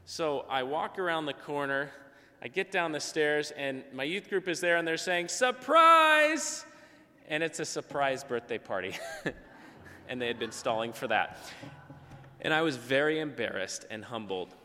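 Bright-voiced man preaching in a hall. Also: medium pitch, moderate pace. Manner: conversational, acts out quoted voices. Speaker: pastor. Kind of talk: sermon with storytelling. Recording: long hall reverb.

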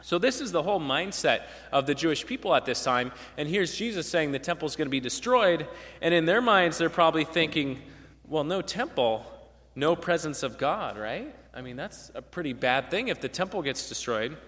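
A man preaching a conversational sermon, telling stories in a relaxed way and often checking in with "right?". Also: a little high, fairly quick. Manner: storytelling, relaxed, frequent "right?" tag questions. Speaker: pastor. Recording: long hall reverb.

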